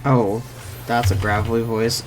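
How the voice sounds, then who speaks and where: Let's-play streamer, mid-pitched, casual, self-talking and foul-mouthed, faint game music underneath. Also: little pitch movement, measured pace. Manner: talks to self, mutters, swears freely; reads game text aloud. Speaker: streamer playing an online role-playing game.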